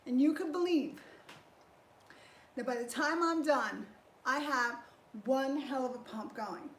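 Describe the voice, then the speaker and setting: A woman's voice: high-pitched, measured pace. A woman fitness trainer talking through a live workout, chatty and encouraging as she exercises. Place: indoor workout space. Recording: echoey room with faint noise.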